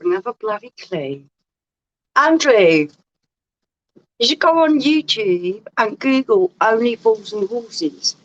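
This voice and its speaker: Brief: woman, a little high-pitched, teasing and chatty, muffled lo-fi stream sound. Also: expressive, slow pace, long pauses. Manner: teasing, chatty, talks to viewers. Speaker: livestream co-host. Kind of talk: casual chat.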